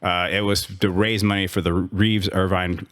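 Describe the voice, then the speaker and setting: A gym owner and coach guests on a podcast, telling a long story in casual interview talk, rambling and restarting with sarcastic asides. He has a deep, a bit bright voice with a level tone and moderate pace.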